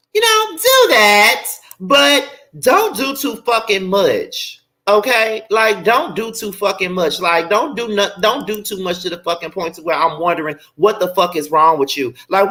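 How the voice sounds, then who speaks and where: A man's voice: fairly high pitch, pushed and bright. A young man hosting a livestream, ranting bluntly and profanely, repeating his points for emphasis. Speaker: show host.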